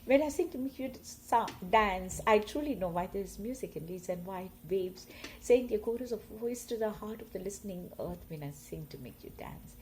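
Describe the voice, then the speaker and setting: A woman reading poems aloud, slow and expressive, her loudness swelling and fading with the lines. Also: medium pitch, a little hiss or hum, low-quality recording. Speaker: poetry reader. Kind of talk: poetry reading.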